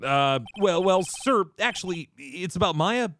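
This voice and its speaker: A man's voice: high voice, expressive, unhurried, fairly bright tone, a little hiss or hum, pitched above the performer's own voice. A man voicing a nervous, earnest young male defense lawyer who stammers. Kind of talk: streamer voicing game dialogue.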